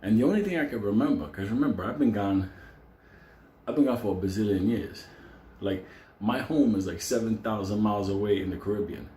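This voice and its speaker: A man telling a profane, animated story in casual vlog style, laughing often and acting out quotes. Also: lowish voice, brisk, echoey room. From New York City. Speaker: storyteller vlogger.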